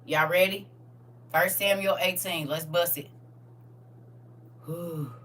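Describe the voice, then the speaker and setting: A woman hosting a live-streamed Bible study, tearful and emotional, chatting warmly and animatedly with her viewers and calling them baby and honey. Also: fairly low pitch, fairly even intonation, slow pace, far from the mic, a little hiss or hum.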